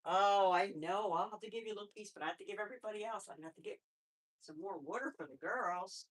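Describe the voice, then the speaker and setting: A woman hosting a live stream about her pet rabbits, chatting casually and talking softly to the animals. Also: medium pitch, quick pace. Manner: chatty, rambling, with restarts; soft baby-talk to pets, often away from the mic. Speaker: pet channel host.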